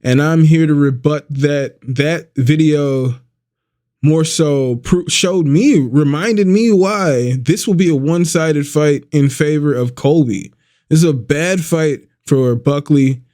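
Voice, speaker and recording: Man with a mellow voice and casual MMA talk. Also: fairly high pitch, slow. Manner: animated, rambling, swears casually. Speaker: YouTube MMA commentator. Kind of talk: casual fight-prediction vlog.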